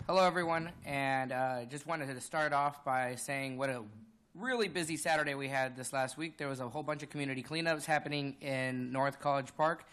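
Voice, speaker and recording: A man's voice: medium pitch, fairly quick, fairly bright tone. A man, a city council member, giving community announcements casually with many fillers. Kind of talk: meeting announcements.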